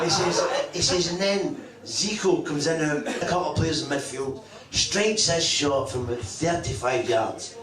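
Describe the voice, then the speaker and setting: A man's voice: on the high side, far from the mic. A middle-aged man, a former footballer, tells profane, self-mocking stories on stage at a live event in a function room. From Scotland. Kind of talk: live anecdote storytelling on stage. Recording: echoey room, voice picked up from afar.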